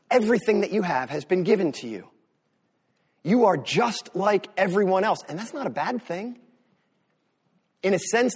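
A man's voice: high voice, husky. A man from the US Northeast preaching a sermon as pastor, talking in a conversational way with sarcastic asides.

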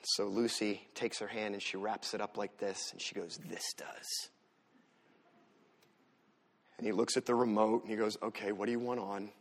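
A man preaching a sermon as pastor, swinging from loud emphatic lines to soft asides. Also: lowish voice, brisk, few pauses. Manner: animated preaching, rises loud for emphasis then drops soft.

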